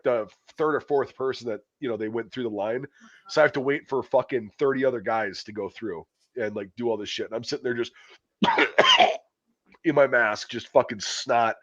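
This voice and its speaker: A man hosts a casual podcast and tells a long anecdote, cursing constantly and padding it with fillers. His voice sits at an everyday middle pitch. The audio is dry and a little dull and muffled. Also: fairly bright tone, no echo. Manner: profane, rambling anecdote with lots of fillers. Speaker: podcast host. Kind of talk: casual storytelling chat.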